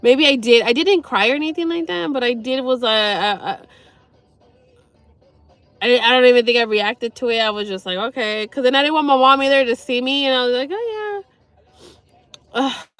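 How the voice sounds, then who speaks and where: High-voiced woman, tearful and rambling. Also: fairly bright tone, no echo, faint music behind. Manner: rambling, sweary, halting with sighs. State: near tears. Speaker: livestreamer. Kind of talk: emotional personal talk to viewers.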